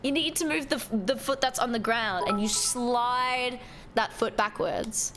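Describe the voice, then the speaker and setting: A woman's voice: fairly high pitch, unhurried, music in the background. A woman chatting playfully with her viewers while streaming a game. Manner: playful, chatty, talking to chat. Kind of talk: casual live-stream chat.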